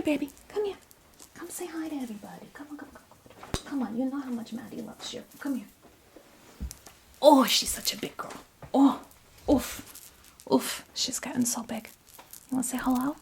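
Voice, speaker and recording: A woman's voice: fairly high pitch, creaky, mellow, a little hiss or hum. A woman in her fifties voicing a chatty, fussing grandmother from New Jersey on a video call, in whispered role-play. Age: 50s.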